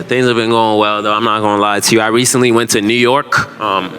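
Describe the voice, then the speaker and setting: A man performing a stand-up comedy set, telling profane stories loosely and animatedly, breaking into loud shouted character voices. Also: lowish voice, quick pace, a crowd in the background. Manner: animated, loose, profane storytelling with frequent laughs.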